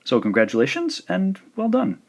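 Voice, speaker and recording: A man teaching a language lesson, demonstrating pronunciation slowly and repeating each word several times. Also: high voice, wildly swooping pitch, creaky, a little mellow. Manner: slow, careful demonstrations with repeated words. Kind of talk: scripted lesson narration.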